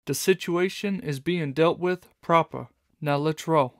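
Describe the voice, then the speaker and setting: A man's voice: on the high side, unhurried, no room sound, studio quality. A man voicing a jittery male lizard con man who talks in hip slang, from a storybook reading. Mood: smooth-talking. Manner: hip slang, stammers when nervous.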